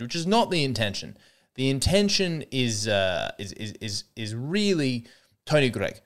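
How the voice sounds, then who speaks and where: A young man riffing through a solo comedy podcast in a wry, self-mocking ramble. His voice is smooth and clean, with a middle pitch. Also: very animated, unhurried. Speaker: podcast host.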